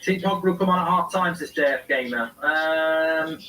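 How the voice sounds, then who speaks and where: A man's voice: fairly high pitch, moderate pace, bright, forceful tone, recorded from a distance, rough recording. A man hosting a live football watchalong, reading viewer comments aloud and answering them in casual chat.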